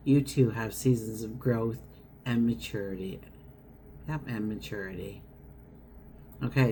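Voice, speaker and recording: A woman's voice: a bass voice, mellow, slight background noise. A woman giving a casual tarot horoscope reading, chatty and wandering, acting out everyday scenes as she talks. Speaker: tarot reader.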